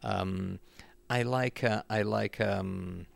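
Low, gravelly-voiced man, hesitant. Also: fairly even intonation, slow. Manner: hesitant, searching for words, many fillers. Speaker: guest. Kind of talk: casual chat.

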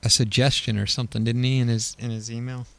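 A man co-hosting a podcast, asking questions and telling a quick anecdote. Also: mid-range voice, level tone, vocal fry. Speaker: podcast host. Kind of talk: casual chat.

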